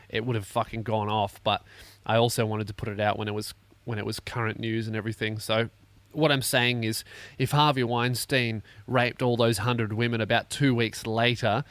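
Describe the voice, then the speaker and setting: A man's voice: mid-range voice, a bit bright, no echo. An Australian man hosting a comedy podcast, ranting sarcastically with lots of swearing while in pain from a neck injury. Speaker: podcast host.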